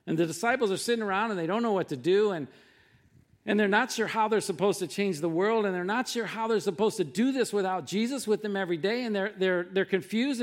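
A middle-aged male pastor preaching a sermon, telling Bible stories with animated, conversational delivery and acted-out quotes. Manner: animated storytelling, acting out quotes with rising pitch and volume.

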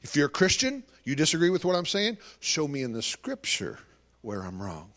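Man, ministry speaker, live talk, animated storytelling, pitch swinging a lot, slightly high voice. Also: moderate pace. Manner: animated storytelling, acting out conversations.

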